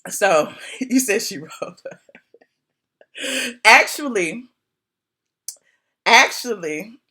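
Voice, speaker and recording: Animated, bright-voiced woman gossiping. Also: drawn-out words. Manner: animated, acts out quotes in a high voice, laughs often. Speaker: blogger doing a live video. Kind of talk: casual gossip chat to viewers.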